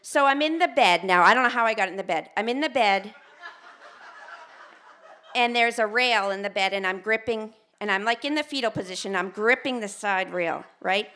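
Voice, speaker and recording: An American woman telling a personal story on a theater stage, animated and self-mocking, acting out what people said. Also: medium pitch, normal speed. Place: theater stage before an audience.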